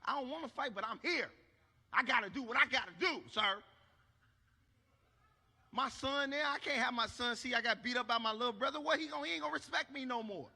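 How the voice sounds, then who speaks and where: A man telling a stand-up story on a church stage, animated, acting out shouts and asking the crowd if they follow. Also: extremely high pitch, fairly quick, gravelly, long reverb tail. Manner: animated, acts out shouts, asks the crowd for agreement. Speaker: stand-up comedian.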